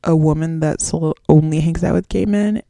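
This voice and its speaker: A woman's voice: low voice, fairly even intonation, fairly quick, creaky, warm tone, no echo. A woman in her twenties hosting a podcast solo, rambling in casual slang and swearing freely. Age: 20s. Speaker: podcast host.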